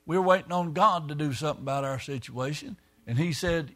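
A man's voice: a little high, fairly quick, hardly any pauses, a bit bright. A man preaching a sermon, telling a story in a folksy way and acting out the quoted voices.

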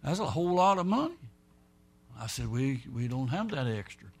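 A pastor preaching a folksy, rambling sermon, swinging between loud and soft. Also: male voice, medium pitch, big pitch swings, normal speed, breathy edge.

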